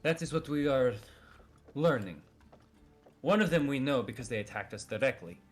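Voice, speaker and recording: A man voicing an elderly male wereraven vintner who speaks in a formal, measured and slightly cryptic way. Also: mid-range voice, expressive, close to an everyday voice. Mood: guarded.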